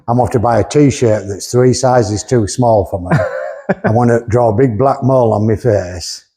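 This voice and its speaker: A man's voice: medium pitch, measured pace, mellow, breathy edge. A man hosting a car workshop vlog, blunt and joking as he chats and walks around cars. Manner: blunt, joking, laughs often. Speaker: workshop owner and host. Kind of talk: casual banter and car walkaround.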